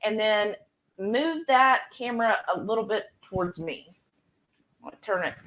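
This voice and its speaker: A woman's voice: mid-range voice, lively intonation, measured pace, fairly bright tone, low-quality recording. A woman co-hosting a cooking video from her home kitchen, chatting casually and reading viewer comments. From Texas. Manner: chatty, says "y'all" often. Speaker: cooking channel co-host.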